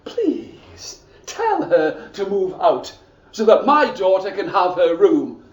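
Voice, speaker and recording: A man's voice: high-pitched, sing-song, takes it slowly, exaggerated voice. Scratchy wicked stepmother, put on by a man. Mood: demanding. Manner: scratchy, demanding, sneering. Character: wicked scheming stepmother, grown woman. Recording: echoey room from far off.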